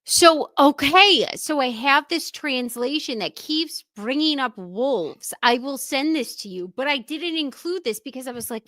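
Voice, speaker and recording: A woman co-hosting a true-crime stream, talking excitedly in casual chat and swearing in quick bursts. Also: high-pitched, no echo. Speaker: stream co-host.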